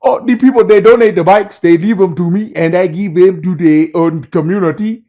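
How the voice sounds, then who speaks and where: Guy doing a high sweet somali-accent bike thief, all innocent, dull lo-fi audio. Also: a little fast. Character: smooth-talking Somali bike thief man, innocent act.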